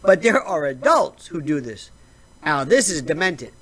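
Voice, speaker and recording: A woman's voice: low-pitched, big pitch swings, a little slow. An American woman hosting a show, delivering a sarcastic, rambling comedic rant full of digressions. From United States. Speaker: show host.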